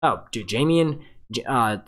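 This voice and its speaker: Excitable, profane man streaming live. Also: medium pitch. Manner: excitable, profane and jokey, does quick impressions. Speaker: livestream host. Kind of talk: casual live show breakdown. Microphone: webcam mic with green screen.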